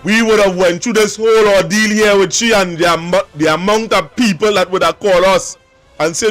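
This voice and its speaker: A man's voice: sits high, fairly even intonation, moderate pace, fairly bright tone, faint music behind. Emphatic Trinidadian man hosting a show. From Trinidad and Tobago. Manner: dramatic, insistent, addresses viewers directly. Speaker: show host. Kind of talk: emphatic commentary.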